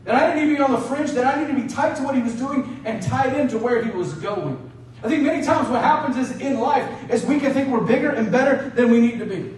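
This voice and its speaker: A man's voice: very high voice, a little hiss or hum. A male pastor preaching a sermon, telling a story in a conversational way and often asking "right?". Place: church sanctuary. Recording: roomy church hall, mic at a distance.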